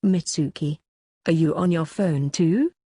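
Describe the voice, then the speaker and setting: A woman's voice: deep voice, measured pace, mellow, breathy edge, dry recording, clean studio sound. A woman voicing a strict male schoolteacher who scolds his pupils. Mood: stern. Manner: stern, scolding.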